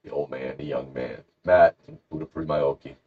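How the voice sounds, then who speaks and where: A man's voice: a bass voice, fairly even intonation, normal speed, husky, phone-quality sound. A man hosting a podcast, casually telling a rambling, jokey story and acting out the characters. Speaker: podcast host.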